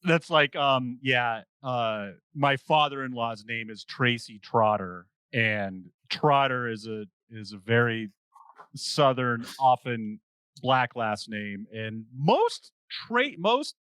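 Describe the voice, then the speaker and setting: Male co-host, animated delivery, bright tone, laughs often; dry close mic with faint music. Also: mid-range voice, slow pace, smooth, no room sound. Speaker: podcast co-host. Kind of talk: casual chat.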